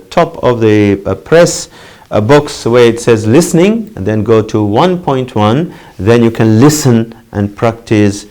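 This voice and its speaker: A middle-aged man teaching an English lesson for distance learners, halting with many fillers and lifting his voice to model phrases. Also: a little mellow. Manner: pitch jumps up when modeling phrases.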